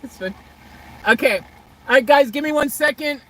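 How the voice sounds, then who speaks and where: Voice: high-pitched, normal speed, fairly bright tone, rough recording. A vlogger chatting casually on a livestream outdoors beside a car, reading out viewer comments in a rambling, hesitant way full of restarts.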